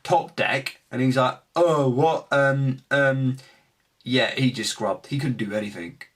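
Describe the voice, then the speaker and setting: A young man casually recapping his card game tournament, animated, acting out his opponents' remarks. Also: medium pitch, a little slow. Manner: animated storytelling, acts out opponents' lines.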